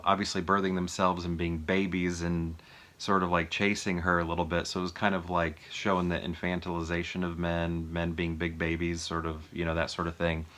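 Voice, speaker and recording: Guy with a low voice and a bright edge, chatty vlog host, rambles and laughs a lot. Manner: rambling, filler-heavy, chuckling. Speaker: movie review vlogger. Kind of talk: casual chat.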